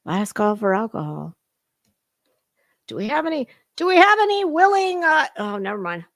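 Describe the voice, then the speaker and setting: A woman's voice: fairly high pitch, big pitch swings, normal speed, fairly bright tone, no room sound, studio quality. A middle-aged woman hosting sarcastic reaction commentary, mocking and profane, slipping into put-on voices. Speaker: commentary host.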